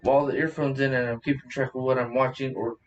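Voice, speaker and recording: A man's voice: mid-range voice, little pitch movement, fast, far from the mic, dull audio, slight background noise. A man co-hosting a podcast in casual chat, crude and profane, laughing often. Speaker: podcast co-host.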